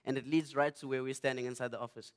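A man's voice: medium pitch, quick pace. A young man, preaching through a funny personal story. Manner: animated, humorous, self-mocking.

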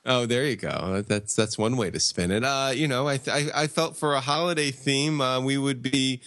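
A man co-hosting a comics podcast, chatting casually and spinning a rambling deadpan tall tale. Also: medium pitch, moderate pace, dry recording. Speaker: podcast co-host.

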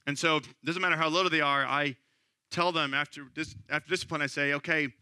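A man's voice: fairly high pitch, steady tone, quick pace, bright, forceful tone, smooth, dry recording, studio quality. A man in his thirties, a pastor giving an earnest, conversational sermon. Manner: earnest, conversational preaching that rises to impassioned.

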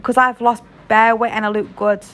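A woman's voice: fairly high pitch, little pitch movement, normal speed, a bit bright. A young British woman telling a story in a casual vlog, frank and chatty, swearing freely. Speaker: vlogger.

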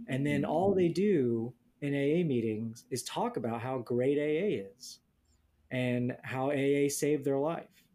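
A young man talks casually on a podcast with a dark, mellow voice. He tells stories bluntly and sardonically. He swears freely and mimics the people he describes. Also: medium pitch, measured pace. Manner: blunt, profane, sardonic storytelling with mocking quoted voices. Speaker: podcast co-host. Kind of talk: casual chat.

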